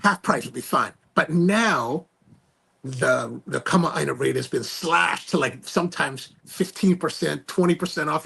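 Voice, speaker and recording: A male podcast host telling a story in a casual, animated way, full of slang and restarts. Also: on the high side, measured pace, vocal fry, slightly rough.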